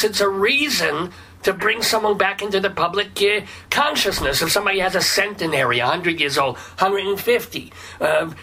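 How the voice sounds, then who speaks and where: A man's voice: high-pitched, pushed and bright, breathy edge, exaggerated voice. A man voicing a cranky, foul-mouthed older rabbi with a phlegmy, throaty voice, rambling and swearing in a comedic radio bit. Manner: rambling, blustery, swears casually.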